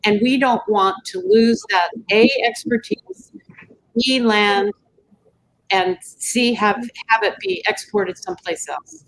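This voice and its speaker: A woman's voice: mid-range voice, slow, low-quality recording. Chatty woman panelist, faint noise behind. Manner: conversational, many "you know" fillers. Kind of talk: panel discussion.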